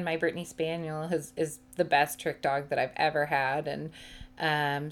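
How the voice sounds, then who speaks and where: A woman co-hosting a podcast, talking casually about dog training with many pauses and ums. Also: low-pitched. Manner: relaxed, many ums and hesitations. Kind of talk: casual chat.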